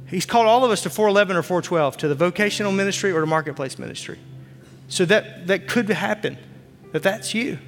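A pastor in his forties preaches an impassioned sermon from a church stage, repeating his phrases. His voice is high-pitched and brisk, with long church reverb and faint music in the recording.

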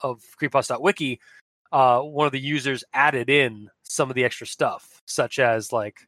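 A man's voice: medium pitch, steady tone, normal speed, a bit bright, no echo. A man co-hosting a podcast in casual chat, rambling with many restarts and frequent laughs. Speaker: podcast co-host.

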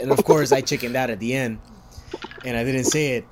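A man casually telling a story, swearing often, laughing and jumping into high voices to quote people. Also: quick pace, a crowd in the background.

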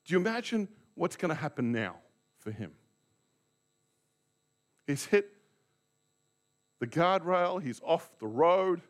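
Animated preacher. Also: male voice, a little high, slow, pauses often. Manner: dramatic storytelling preacher, acts out scenes. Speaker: Baptist pastor. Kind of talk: sermon.

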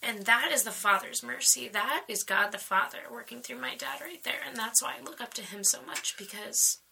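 A woman sharing a personal faith story in conversation, animated and emotional, laughing often. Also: a little high, normal speed, creaky, breathy edge, rough recording.

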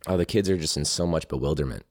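A man's voice: rumbling low, fast, a little mellow, no echo, studio quality. A man, a teacher hosting a podcast, rambling casually and laughing at his own ideas. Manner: rambling, laughing, self-interrupting. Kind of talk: casual solo podcast chat.

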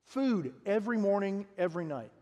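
A man preaching a sermon as pastor, animated, acting out quotes and asking the congregation questions. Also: high-pitched, moderate pace. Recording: long reverb of a large hall.

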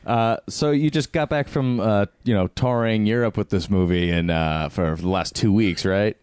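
Brief: low-voiced male interviewer, stumbling friendly questions, dry sound. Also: moderate pace, a little mellow, clear, resonant tone, no echo. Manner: hesitant, repeats words while asking.

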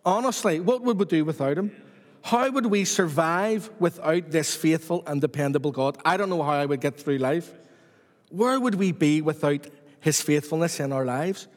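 A man's voice: fairly high pitch, normal speed, in a large hall. A man preaching a sermon to his church with repetitive, rhythmic emphasis.

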